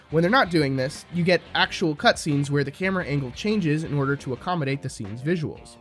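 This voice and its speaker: A man delivering scripted, critical video commentary in a sarcastic, opinionated manner. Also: a little high. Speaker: video essayist. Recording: music bed underneath.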